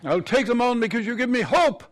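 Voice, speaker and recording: A man's voice: sits high, very animated, normal speed, slight background noise. A man voicing an elderly woman who is bubbly and encouraging, in a told story. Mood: gushing.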